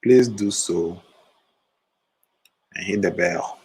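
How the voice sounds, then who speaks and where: A man with a fairly low voice talks loosely to his livestream viewers from his desk. He sounds sleepy, yawning between remarks, and keeps an easygoing, chatty pace. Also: slow, darkish tone, rough recording. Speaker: photo retouching livestream host. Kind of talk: casual livestream chat.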